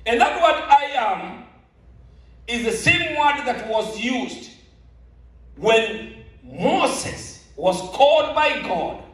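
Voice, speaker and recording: A pastor with a very high voice delivers a slow, emphatic sermon. He repeats key phrases for weight. The sound carries a strong echo from a large auditorium, picked up from some distance away. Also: big pitch swings. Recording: very echoey hall, mic at a distance.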